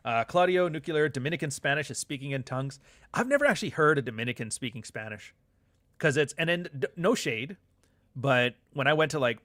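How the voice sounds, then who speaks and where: A man's voice: mid-range voice, fairly bright tone, no echo, studio quality. Joking, profane man hosting a live chat show. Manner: loose, profane, joking banter with frequent asides. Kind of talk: casual livestream chat, reading viewer comments.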